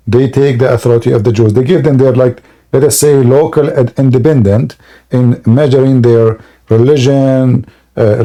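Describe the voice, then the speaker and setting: A man's voice: mid-range voice, mellow. A man hosting a debate, lecturing insistently and repeating words to press his points. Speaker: host debating callers. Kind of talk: heated live debate.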